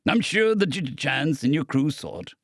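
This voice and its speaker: A man's voice: on the high side, lively intonation, moderate pace, fairly bright tone, no room sound, clean studio sound. A man narrating an audiobook, voicing an awkward, modest young pilot who speaks hesitantly.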